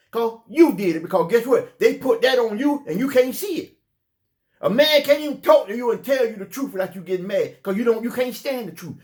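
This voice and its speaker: A man with a Southern US accent preaching an impassioned sermon, emphatic and repetitive, sometimes breaking into shouts. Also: very high voice. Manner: fiery, emphatic, repeats phrases, bursts into shouts.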